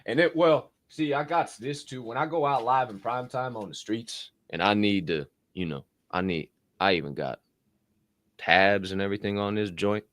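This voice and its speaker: A man hosting a podcast, with loud, laughing, profane banter in casual chat. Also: fairly low pitch, moderate pace, dry recording. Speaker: podcast host.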